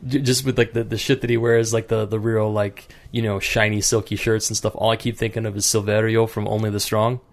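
A man's voice: lowish voice, level tone, fairly quick, hardly any pauses. A man co-hosting a podcast, joking and rambling with playful quips in a casual chat. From United States. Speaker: podcast co-host.

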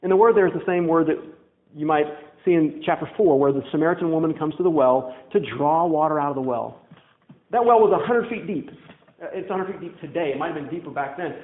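Preaching in church, a young Louisiana pastor tells stories casually and drops wry asides, his higher voice moving at a quick pace. The recording sounds tinny and echoey.

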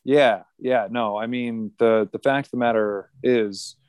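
A man's voice: medium pitch, fairly even intonation, unhurried, darkish tone, clean tone, no echo. A male podcast co-host jokes his way through casual banter and hams up mock ad reads. His voice sits in a middle register, and the recording is dry and close. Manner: joking, mock ad-read delivery.

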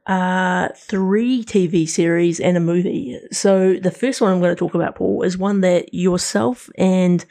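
A man's voice: high-pitched, a little slow, creaky, hardly any pauses, darkish tone. A man co-hosting a casual podcast, rambling about TV shows he watched with lots of restarts and fillers. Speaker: podcast co-host. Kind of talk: casual chat reviewing TV shows.

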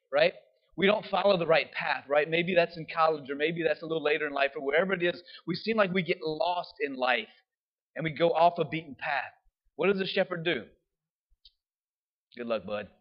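A man preaching a sermon in a conversational way, often checking in with his listeners by asking "right?". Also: fairly high pitch. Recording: dull lo-fi sound.

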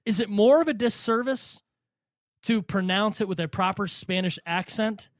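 A man co-hosting a casual boxing podcast, animated and quick to laugh as he mocks how names get pronounced. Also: high voice, no room sound, clean studio sound. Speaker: podcast co-host.

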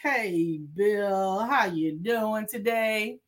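A woman's voice: mid-range voice, extremely slow. A woman co-hosting a morning show, reading listener comments and chatting casually. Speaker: co-host.

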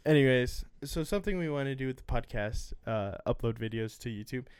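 A man's voice: mid-range voice, fairly quick, darkish tone, smooth, dry recording, studio quality. Crude, joking young man on a podcast. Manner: joking, crude, rambling with fillers. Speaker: podcast co-host. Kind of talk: casual chat. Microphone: studio mic.

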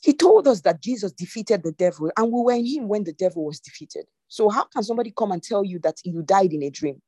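Dark-voiced woman preaching a sermon. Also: mid-range voice, animated, fast, breathy edge, no room sound. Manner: earnest, exhorting, often rising in emphasis. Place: online meeting.

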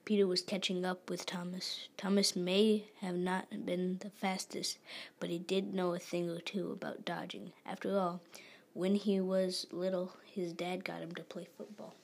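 A woman reading a story aloud in a whispery, gravelly voice, stumbling and restarting now and then. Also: fairly low pitch, flat delivery, moderate pace. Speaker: story reader.

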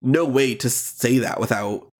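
A man's voice: medium pitch, a little slow. Chatty male podcast co-host. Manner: chatty, laughs often, says "um" and "like" a lot. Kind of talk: casual chat recapping a reality show.

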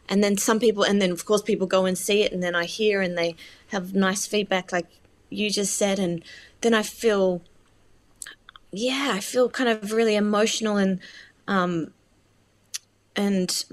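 A woman in a relaxed interview, chatting about her work with lots of restarts and self-deprecating asides. She gets openly emotional and talks at a middling pitch. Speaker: filmmaker being interviewed. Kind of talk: casual interview conversation.

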